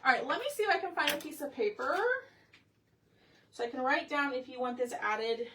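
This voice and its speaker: Casual woman host, bright voice, slightly distant mic. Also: sits high, brisk. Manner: chatty, talks to viewers by name. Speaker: craft livestream host. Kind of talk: casual live craft chat. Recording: faint room noise, somewhat off-mic.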